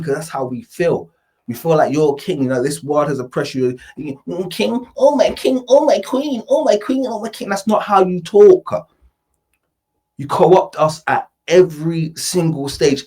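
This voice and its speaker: A man's voice: medium pitch, darkish tone, breathy edge. A man hosting an opinion commentary vlog from his home studio, emphatic, repetitive and confrontational. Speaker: host.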